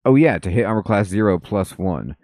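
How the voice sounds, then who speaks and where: A man's voice: on the low side, animated, brisk, a little mellow, dry recording. A man giving casual, offhand commentary while playing a game, with many ums. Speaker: let's play host.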